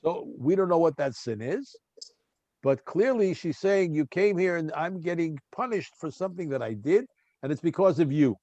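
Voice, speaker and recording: A man with a fairly high voice leads a Bible study class, reading Hebrew verses and quizzing his students. His sound is close and dry, with no room around it, as on a video call. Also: lively intonation, moderate pace, warm tone, no echo, lo-fi sound. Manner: questioning, prompting readers, chatty asides. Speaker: teacher leading a Bible class.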